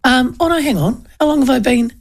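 A woman's voice: sits high, lively intonation, brisk, vocal fry. A New Zealand woman in her fifties, hosting a casual radio chat in a chatty, storytelling way with lots of restarts. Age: 50s. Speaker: radio host. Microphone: studio mic with headphones.

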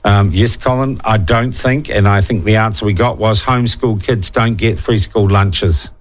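A man's voice: fairly low pitch, moderate pace. A male talkback radio host with a New Zealand accent, talking in a blunt, irreverent way. He chats through the issues of the day and reads out listener texts in an easy, opinionated tone.

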